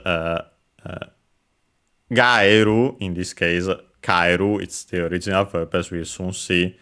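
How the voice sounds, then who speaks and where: A low-pitched man talks slowly, teaching language points step by step. He hesitates often and fills his pauses with drawn-out filler sounds. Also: a bit bright. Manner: hesitant, many filler sounds, careful and methodical. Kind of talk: explaining Japanese words while playing a game.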